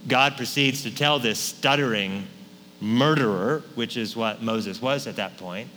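A man preaching a sermon as pastor, speaking conversationally and often checking in with his listeners with a quick "right?". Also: mid-range voice, pushed and bright. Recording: long hall reverb, faint hum.

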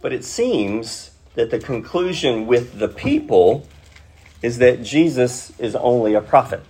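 Slow, husky-voiced male preacher. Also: medium pitch, very animated, darkish tone. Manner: teacherly, with rhetorical questions. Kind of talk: expository sermon.

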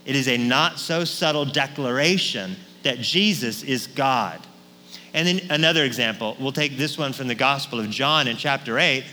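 A man preaching a sermon as pastor, speaking conversationally and often checking in with his listeners with a quick "right?". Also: mid-range voice, pushed and bright. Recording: long hall reverb, faint hum.

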